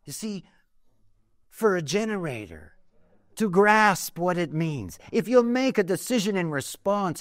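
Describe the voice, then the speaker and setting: A man's voice: high voice, huge pitch swings, slow, no room sound. A man giving a conversational lecture, wandering into stories with many fillers and asides. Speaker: teacher of a spiritual system. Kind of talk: lecture with storytelling.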